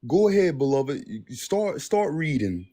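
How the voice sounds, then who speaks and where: A man calling into a debate stream, speaking in a drawn-out, playful preacher-like cadence and calling others beloved. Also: a little high, sing-song, warm tone. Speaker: caller posing as a divine figure. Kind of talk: casual debate chat.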